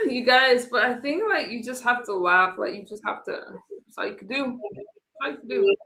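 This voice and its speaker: Woman, livestream host, bright tone, fairly high voice, casual chat. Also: lively intonation, normal speed, reverberant. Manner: chatty, trails off, reads chat aloud.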